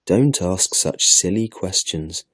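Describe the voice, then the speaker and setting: A man's voice: sits low, lively intonation, takes it slowly, fairly bright tone, husky, no room sound, studio quality, full character voice. Man doing a know-it-all sulky boy. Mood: dismissive. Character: boastful sulky young boy.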